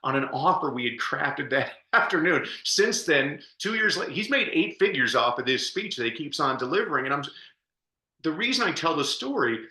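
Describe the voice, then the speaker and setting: Bright-voiced chatty male podcast guest. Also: on the high side, fairly quick, hardly any pauses, echoey room. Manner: energetic, chatty storyteller who laughs often. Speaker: podcast guest, speaker and coach. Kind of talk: storytelling interview answer.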